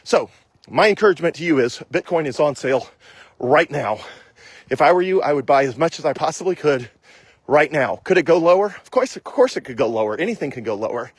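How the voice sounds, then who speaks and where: A man with a fairly high voice talks in a casual, emphatic monologue. He hammers his points home by repeating them and acting out imagined exchanges. The sound is dry and close, with no room around it. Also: lively intonation, brisk, breathy edge, dry recording. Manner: emphatic, repetitive, argues by acting out imagined questions and answers. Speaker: state legislator and investor.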